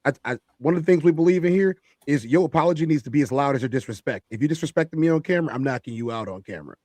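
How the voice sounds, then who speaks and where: A man's voice: fairly high pitch, lively intonation, rapid-fire, darkish tone, no echo. A man hosting a heated panel discussion, emphatic and repeating phrases for stress.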